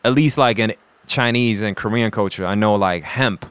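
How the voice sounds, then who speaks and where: Slangy young man, smooth and dry. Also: lowish voice, normal speed, no room sound. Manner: slangy, emphatic, "you know what I'm saying". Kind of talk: casual podcast chat.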